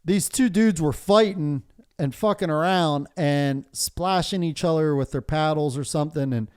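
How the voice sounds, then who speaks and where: A man's voice: on the high side, moderate pace, a little mellow, clear, resonant tone. A man from Pennsylvania hosting a podcast, telling a story in casual chat, swearing often and laughing through it. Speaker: podcast host.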